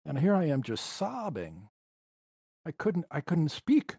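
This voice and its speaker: A man's voice: a little high, wildly swooping pitch, a little slow, vocal fry, dark tone, husky, no echo, clean studio sound. A man, a musician guest on a podcast, telling personal stories in a reflective, emotional way. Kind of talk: storytelling interview.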